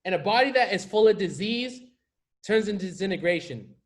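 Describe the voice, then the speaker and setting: High-voiced man giving emphatic motivational talk. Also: expressive, a little fast. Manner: emphatic, repeats key phrases for effect; casual slangy speech. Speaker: life coach.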